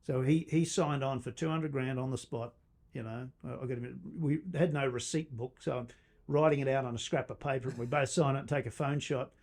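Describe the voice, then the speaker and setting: Gravelly-voiced man telling a story. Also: mid-range voice, a little fast. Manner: animated storyteller, laughs often, acts out quotes. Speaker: company founder guest. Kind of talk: podcast storytelling.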